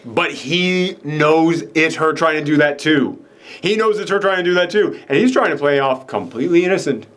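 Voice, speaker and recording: Excited young guy gushing about a film. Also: on the high side, normal speed. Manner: animated, excited, acts out characters' lines. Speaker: podcast co-host reviewing a film. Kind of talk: casual chat.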